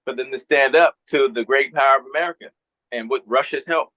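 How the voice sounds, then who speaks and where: Bright-voiced guy on a panel chat, dry sound, kinda feeling his way through it. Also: medium pitch, fairly quick, no room sound, rough recording. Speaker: panel guest. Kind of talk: casual online panel chat.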